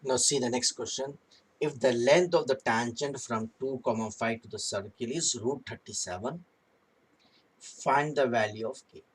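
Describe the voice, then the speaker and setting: Guy teaching maths, working each step out loud and saying key bits twice, medium voice. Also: mid-range voice, normal speed, breathy edge, poor audio. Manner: works sums aloud step by step, repeats key phrases. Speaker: math teacher. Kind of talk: whiteboard math lesson.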